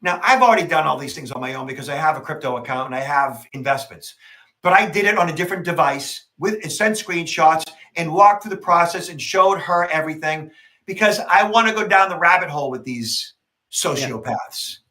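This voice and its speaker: A man with a high, very bright and forceful voice talks on a podcast. He tells his story quickly and with emphasis, pushing each point home. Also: lively intonation. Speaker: podcast co-host, security expert. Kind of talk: casual podcast conversation.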